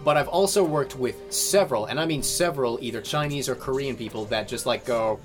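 A young man co-hosting a casual podcast chat, animated and swearing freely. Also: medium pitch, a little fast, music in the background. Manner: animated, swears freely, bursts of loud laughter. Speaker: podcast co-host. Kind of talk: casual chat among friends.

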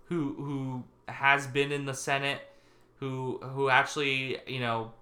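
A man co-hosts a casual political podcast in a slow, level, mid-range voice with a bright, forceful tone. Recorded in an echoey room, he rambles with restarts and laughs at his own jokes.

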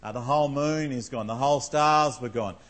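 This preacher has a medium-pitched, slightly bright voice and talks fairly quickly over poor audio. His sermon is conversational and full of fillers as he reads from scripture and questions the congregation.

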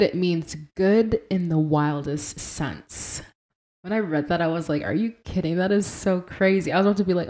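A woman's voice: deep voice, darkish tone. A young woman hosting a Christian devotional podcast, talking earnestly and conversationally as she quotes and explains scripture, sometimes laughing at her own pronunciation. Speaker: podcast host.

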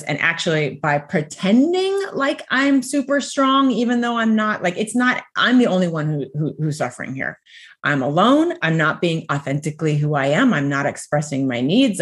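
A woman in her thirties co-hosting a chatty podcast. She tells personal stories in a lively way, laughing often and dropping in "like" as she talks. Her voice sits a little low. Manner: animated storytelling, frequent laughs and "like". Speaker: podcast co-host. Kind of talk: casual podcast chat.

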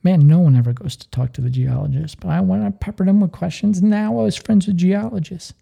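A man hosting a podcast, telling stories with earnest energy. His voice is dark and mellow, with a gravelly fry at the edges. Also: high voice, brisk. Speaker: podcast host. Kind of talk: motivational podcast talk.

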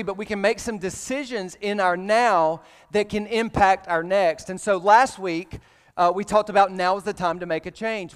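High-voiced Southern man preaching in a hall. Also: clear, resonant tone. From Alabama. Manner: casual, joking, animated preaching. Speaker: pastor. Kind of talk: sermon. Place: church sanctuary. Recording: reverberant church hall.

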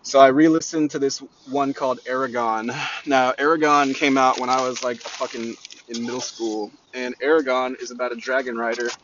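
A man's voice: medium pitch, fairly even intonation, fairly quick, noisy background. Profane, brash man rambling on a podcast. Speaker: podcast host. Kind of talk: rambling solo motivational podcast. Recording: dull lo-fi recording.

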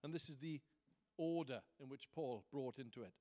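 A man's voice: mid-range voice, moderate pace, a little mellow. A man preaching a sermon as pastor, conversational at times and rising to fervent emphasis.

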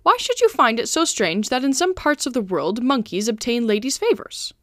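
A woman reading the part of a loyal male servant who stays calm and talks his way out of trouble with wry reasoning. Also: a little high, moderate pace, no echo, studio quality. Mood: teasing.

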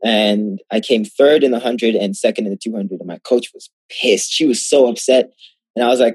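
A man's voice: fairly low pitch, moderate pace, breathy edge, dry recording. A young man, a guest athlete, tells his story in a casual interview, acting out the exchanges he quotes. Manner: animated, acts out quoted exchanges.

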